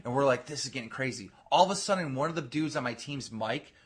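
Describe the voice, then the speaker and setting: A man hosting a podcast, telling a story in casual, profane chat, acting out other people's voices loudly. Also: medium pitch, animated, quick pace, husky. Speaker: podcast host.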